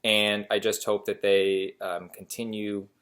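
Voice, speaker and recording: A man's voice: on the low side, flat delivery, a little slow, a bit bright, smooth. A man sharing fond, playful memories in a wedding video message. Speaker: groom's best friend.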